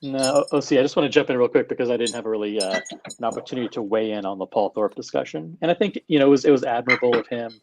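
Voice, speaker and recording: Measured man weighing in slowly. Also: mid-range voice, slight background noise. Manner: measured, slow, hedging with fillers. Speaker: panel guest. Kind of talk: casual panel chat.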